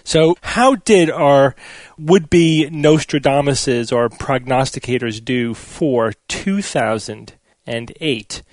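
An American man hosting a podcast, leading a relaxed panel chat. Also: medium pitch, slow pace, dry recording. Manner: relaxed, leads the conversation. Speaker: podcast host.

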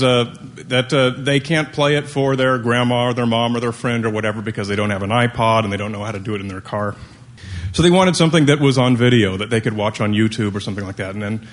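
A man's voice: mid-range voice, a bit bright. A man speaking to a live audience about a video he made, with dry humor. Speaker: guest podcaster and filmmaker.

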